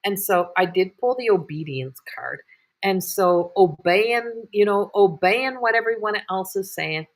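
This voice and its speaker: Speaking a little slowly in a mid-range voice, a woman hosts a live-streamed session of intuitive psychic readings. Her talk wanders and repeats itself, full of fillers and restarts.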